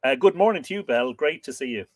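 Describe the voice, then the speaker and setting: Speaking quickly at medium pitch, the animated livestream host from Ireland sounds dry on the recording. He goes through viewer comments in easygoing, enthusiastic conversation, often breaking into laughter.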